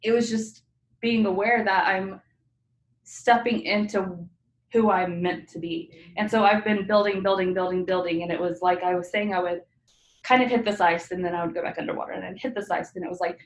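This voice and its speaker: A woman's voice: fairly low pitch, steady tone, fairly quick. Earnest woman guest, echoey room. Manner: earnest, confessional, emphatic. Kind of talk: casual chat.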